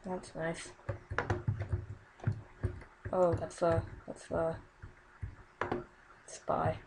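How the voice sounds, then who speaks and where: A woman's voice: sits low, flat delivery, extremely slow, gravelly, noisy background. A young woman casually commenting on her own gameplay, exclaiming often and muttering under her breath.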